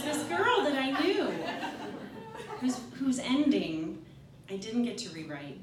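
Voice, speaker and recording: A woman's voice: fairly high pitch, wildly swooping pitch, takes it slowly, very noisy. A woman in her forties telling a personal story on stage, candid and self-mocking with nervous laughs. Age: 40s. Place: live storytelling event venue. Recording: echoey room, voice from far off.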